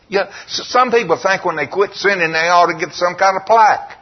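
A man preaching a sermon, telling stories and reading scripture slowly in a lowered voice. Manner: storytelling, quoting scripture in a slow, lowered voice. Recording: dull lo-fi recording.

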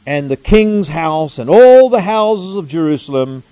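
Guy doing a bible study, reads the verses then jumps in with casual comments, kinda high voice, muffled dry audio. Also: very animated, unhurried, dark tone, dry recording. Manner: reads scripture aloud, then breaks in with emphatic casual asides. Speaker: Bible teacher. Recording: dull lo-fi dry recording.

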